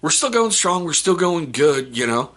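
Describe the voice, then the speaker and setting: A man's voice: fairly high pitch, very animated, moderate pace, fairly bright tone. A middle-aged man vlogging casually about family life, rambling and self-mocking, often restarting his sentences. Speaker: vlogger, stepfather. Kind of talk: casual talk to camera.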